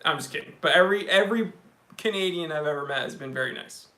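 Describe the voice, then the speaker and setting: Hosting a watch-channel live stream, this young man chats loosely and eagerly reads out what viewers have written. He speaks quickly in a slightly high voice.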